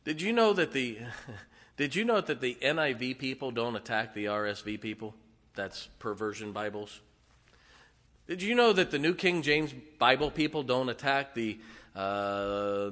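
An older man preaching a sermon in a church, swinging from booming declarations to quiet wry asides. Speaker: pastor. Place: church sanctuary. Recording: long hall reverb.

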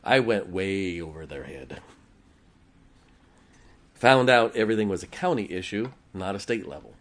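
Folksy low-voiced pastor telling a story. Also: male voice, normal speed. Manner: folksy, animated storytelling with quoted dialogue. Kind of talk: sermon storytelling.

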